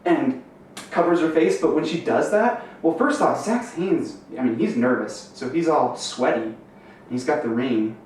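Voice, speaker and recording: A young man tells a meandering joke, filling pauses with ums and building slowly to a punchline. His voice sits at an ordinary pitch and comes from a distance in a very echoey room, with a faint hiss behind him. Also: darkish tone. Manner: rambling, many fillers, builds to a punchline. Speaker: amateur comedian. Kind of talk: storytelling joke. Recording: roomy echo, distant mic, faint noise.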